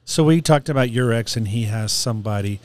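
A man's voice: mid-range voice, fairly quick, a little mellow. A man hosting a casual chat, curious and asking questions. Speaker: host.

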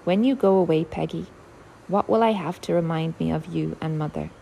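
A woman voicing a tearful young woman who is the heroine's older sister, speaking softly and pleadingly. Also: low voice, moderate pace, vocal fry, a little hiss or hum, rough recording. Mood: tender.

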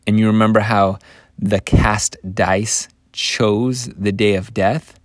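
A man telling a Bible story in a casual, animated way, with chuckling asides. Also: on the low side, slow, no echo, clean studio sound.

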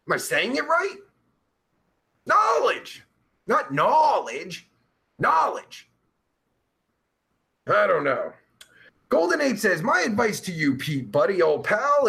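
A man hosting a live stream, reading chat aloud in a brash, profane, loud way. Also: high voice, vocal fry.

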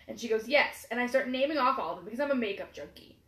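Young woman, high voice, swears a lot telling a story, echoey room. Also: quick pace. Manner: profane, animated, laughing storyteller. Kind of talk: casual chat, storytelling.

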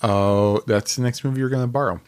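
A man's voice: medium pitch, steady tone, a little fast, a little mellow, clear, resonant tone. A man co-hosting a podcast, joking around in casual chat. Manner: playful and joking. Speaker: podcast co-host.

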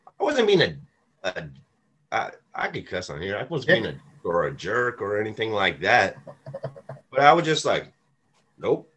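A man's voice: fairly low pitch, a bit bright, breathy edge. A man co-hosting a casual recovery podcast, talking emphatically and swearing now and then. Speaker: podcast co-host. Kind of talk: casual recovery-group chat.

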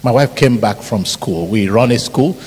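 Middle-aged male Nigerian-accented preacher, animated storyteller, in a big echoing hall. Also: mid-range voice, moderate pace, slightly rough. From Ibadan, Nigeria. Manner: animated, storytelling with mimicked shouts and laughter. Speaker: pastor. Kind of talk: sermon. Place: large church hall. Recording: hall reverb, faint background noise.

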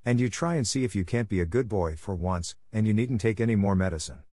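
A man's voice: on the low side, fast, mellow, dry recording, studio quality, natural voice. A man voicing a fussy older aunt who scolds and grows exasperated with a boy. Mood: softened.

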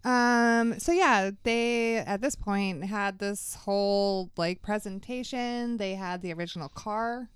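A woman's voice: medium pitch, takes it slowly, hardly any pauses, clear, resonant tone, no echo, clean studio sound. A woman co-hosting a casual podcast, reading news articles aloud between fillers and chat. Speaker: podcast co-host.

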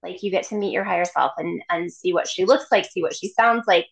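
A woman guest on a podcast chats casually and animatedly about chakras, acting out voices and laughing a lot. Her voice is lowish, brisk, and gravelly, and the recording quality is low.

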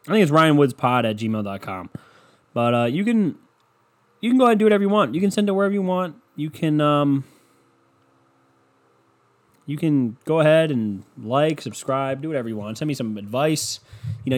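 Young male podcaster, solo rant, sarcastic, swears a lot, rambling, mid pitch. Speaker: podcast host.

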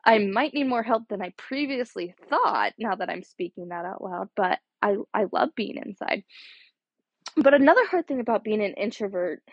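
A woman's voice: medium pitch, animated, normal speed, slightly rough, dry recording, lo-fi sound. A young woman in college, hosting a casual solo podcast and rambling in a chatty way, full of "like". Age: young adult. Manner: rambling, chatty, heavy use of "like". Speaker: podcast host.

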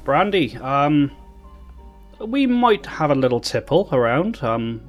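A man's voice: fairly high pitch, very animated, slow, soft background music, voice pushed up. Man doing fussy motherly caretaker Kashka. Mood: hospitable. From Britain. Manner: fussy, hospitable, stumbling over words. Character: bustling motherly woman caretaker of two boys.

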